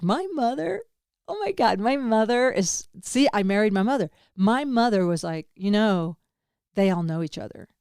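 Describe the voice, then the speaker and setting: A woman's voice: fairly high pitch, a little mellow, clear, resonant tone, no room sound, studio quality. A woman hosting a podcast, talking through a personal story in a candid, rambling way, swinging between laughter and grief and swearing casually. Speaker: podcast host. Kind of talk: personal monologue.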